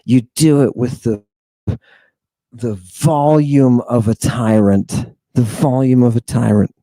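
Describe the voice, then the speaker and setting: A podcast host lectures late at night, rambling sardonically and addressing listeners directly. His medium-pitched voice is dark and mellow, and he speaks very slowly. The sound is dry and close with no room echo.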